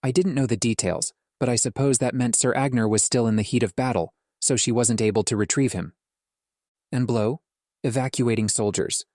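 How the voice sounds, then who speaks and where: A man reading a fantasy audiobook in first person, in a measured and earnest tone. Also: medium pitch, darkish tone, dry recording, studio quality. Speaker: audiobook reader.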